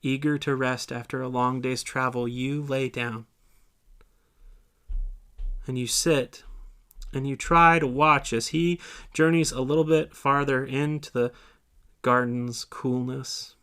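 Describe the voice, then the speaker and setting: A man with a mid-range voice leads a guided scripture meditation, speaking softly to his listeners. He paces the images slowly and lingers in his pauses. He asks them questions as they imagine the scene. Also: mid-range voice, steady tone, clean tone. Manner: slow, soft, second-person guiding with lingering pauses. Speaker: church speaker leading a meditation.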